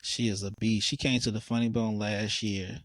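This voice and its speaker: Excitable storytelling host, dry close mic. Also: male voice, fairly low pitch, moderate pace, no room sound. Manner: animated storyteller, excitable, stumbles over words. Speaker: podcast host. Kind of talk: casual interview chat.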